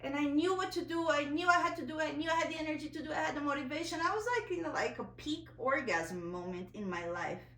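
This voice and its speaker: A woman's voice: high-pitched, fast talker, hardly any pauses, fairly bright tone, roomy sound, far from the mic, rough recording. A woman vlogger telling a personal story in a candid, emotional way, a little nervous, full of fillers and restarts.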